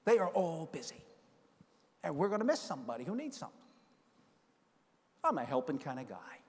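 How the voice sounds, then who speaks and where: An older man from the United States giving a storytelling keynote speech, animated and acting out the voices in his stories. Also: fairly high pitch, fairly quick. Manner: animated, acts out quoted voices. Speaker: keynote speaker. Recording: long reverb of a large hall.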